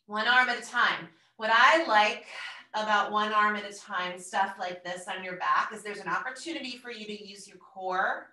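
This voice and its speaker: A woman instructor calmly cueing a floor workout, breathing out between counts with steady encouragement. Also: medium pitch, normal speed. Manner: calm, encouraging cueing with audible exertion breaths. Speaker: fitness instructor. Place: room at home, exercising on the floor. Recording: roomy, distant from the mic.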